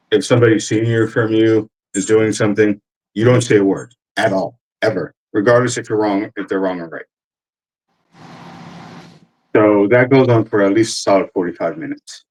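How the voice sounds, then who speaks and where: A man's voice: lowish voice, moderate pace, darkish tone, low-quality recording. Rambling, profane army veteran man. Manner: rambling, profane, with many fillers. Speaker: army veteran telling stories. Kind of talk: casual storytelling.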